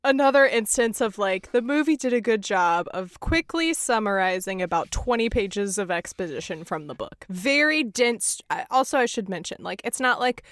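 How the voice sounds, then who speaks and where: A woman hosting a podcast, chatting casually and laughing through quick asides while recapping a film. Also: medium pitch, lively intonation, a bit bright, no echo, studio quality. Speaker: podcast host.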